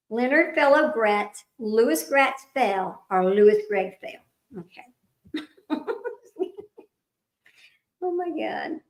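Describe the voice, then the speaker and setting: A high-pitched woman hosts a casual trivia livestream, chatty and giggly, laughing at herself as she drifts off topic. Her voice rings around an echoey room at home. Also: fairly bright tone. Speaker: livestream host running trivia. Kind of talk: casual chat with live viewers. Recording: roomy echo.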